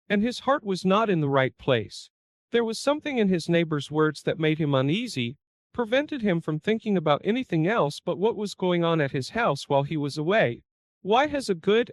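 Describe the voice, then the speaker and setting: A man narrating a dramatic family story in a steady, even storytelling read. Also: high voice, no echo, clean studio sound.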